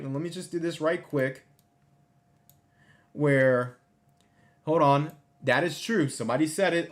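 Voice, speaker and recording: Man, livestream host, casual commentary, excitable, repeats phrases. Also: fairly high pitch.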